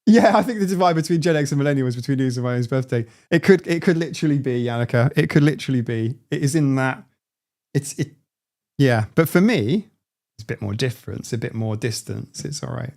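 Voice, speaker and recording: A man in his forties hosting a casual live stream, reading out viewer comments and talking in halting bursts full of restarts. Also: medium pitch, lively intonation, creaky, a little mellow. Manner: halting, frequent restarts and self-interruptions.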